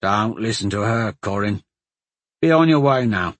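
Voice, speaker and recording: A man's voice: fairly low pitch, lively intonation, a little slow, no echo. A man voicing a blunt, skeptical male soldier in a fantasy audiobook. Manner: blunt, grumbling then encouraging.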